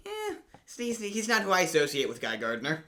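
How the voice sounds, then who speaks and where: A man's voice: a little high, big pitch swings, quick pace, bright, forceful tone, a little hiss or hum. A man chatting casually on a podcast, tossing in jokey asides.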